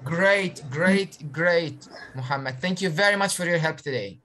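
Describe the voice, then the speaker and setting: A woman's voice: fairly low pitch, expressive, a little slow, a bit bright, a little hiss or hum. A woman teaching an online spelling lesson on a video call, encouraging her pupils and sounding out syllables.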